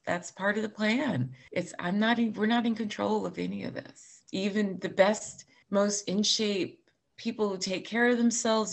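A woman in her forties recounts a hard stretch of her life in relaxed conversation. Her voice sits a little low, and she speaks openly, letting small laughs break through the sad parts. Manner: candid and emotional, laughs through hard moments. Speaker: cancer patient sharing her story. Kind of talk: personal storytelling in conversation.

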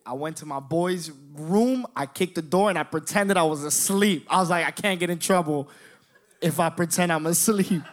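Man, twenties, stand-up comedian, high voice, animated, profane, talks to the audience. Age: 20s. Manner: animated, profane, addresses the crowd directly. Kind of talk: stand-up storytelling.

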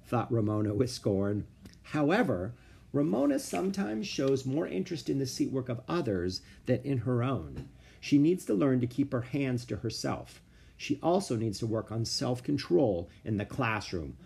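A man reading a children's book aloud with expressive storytelling. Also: mid-range voice, creaky, husky. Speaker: narrator.

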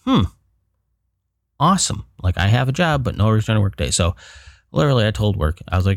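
A man hosting a solo podcast, talking in a frank, rambling way with some profanity and sounding frustrated and low. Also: very animated, fairly quick, vocal fry, pauses often, no echo, studio quality. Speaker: podcast host.

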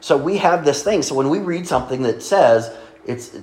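A male pastor giving a conversational sermon, asking his congregation questions and pausing over his words. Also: on the high side, a little mellow, roomy sound, low-quality recording. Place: church sanctuary.

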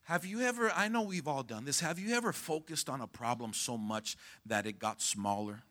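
A man preaching a sermon as pastor, calling out to the congregation to respond and rising to shouts at the peaks. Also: mid-range voice, expressive, moderate pace. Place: church sanctuary.

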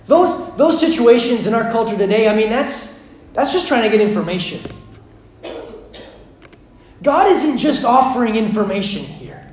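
Echoey, high-voiced man preaching. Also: fairly quick, a little hiss or hum. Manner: dramatic swings from loud to hushed. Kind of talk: sermon.

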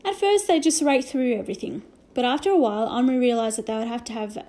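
A woman reading a children's novel aloud with gentle storytelling and hushed asides. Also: on the high side, fast talker. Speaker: reader.

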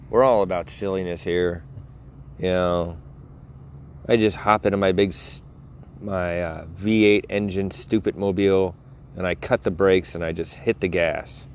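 Deep-voiced man rambling on his podcast. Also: a little hiss or hum. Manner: self-mocking, laughing at his own jokes. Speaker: podcast host. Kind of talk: rambling casual monologue. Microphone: phone.

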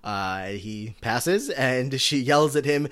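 A man co-hosting a podcast chats casually through a recap, rambling and filling his talk with filler words. His voice sits at a medium pitch with a fairly bright tone, and he speaks slowly and expressively.

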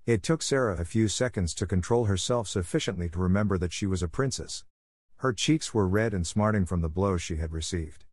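A man narrating an audiobook in a steady, measured way. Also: low voice, dry recording, studio quality. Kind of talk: scripted narration.

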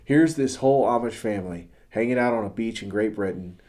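A man's voice: fairly low pitch, brisk, a little mellow. A man hosting a podcast, telling a story in a casual, earnest way, often restarting his sentences as he goes. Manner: religious. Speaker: podcast host. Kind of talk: casual chat.

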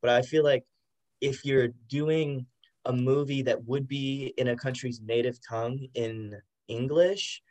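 Casting: male podcast co-host, opinionated but hedging, casual chat, mid-pitched. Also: fairly even intonation, a little slow, darkish tone. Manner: opinionated, hedging, seeks agreement. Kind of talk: casual film review chat.

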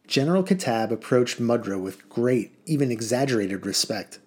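A man reading a children's novel aloud in a lively, expressive way. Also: medium pitch, moderate pace, few pauses. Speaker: audiobook reader.

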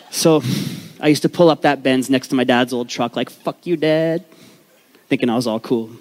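Man, comedic storytelling talk, candid, profane, live audience, average pitch. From Canada, Vancouver. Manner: candid, profane, joking asides to the crowd. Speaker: speaker telling his life story.

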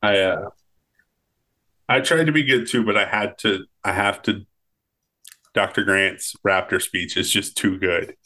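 Low-voiced man chatting wryly. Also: a little slow, long pauses, pushed and bright. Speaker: podcast co-host. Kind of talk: casual chat.

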